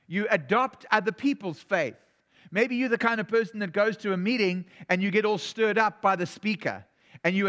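A pastor from South Africa with a South African accent preaches in a relaxed, conversational way. His voice sits high for a man, and he often trips over and restarts his sentences as he works through a point. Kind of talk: sermon.

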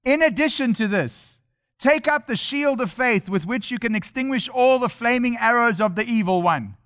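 A man's voice: very high-pitched, lively intonation, moderate pace, a bit bright, smooth. A man preaching a sermon in a church, emphatic and repetitive, building his points line by line.

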